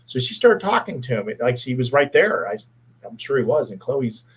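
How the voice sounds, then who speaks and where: A man's voice: mid-range voice, sing-song, moderate pace, breathy edge, poor audio. A middle-aged man from the Pittsburgh area, a former police officer, telling a heartfelt story in a casual interview, earnest and often repeating his words.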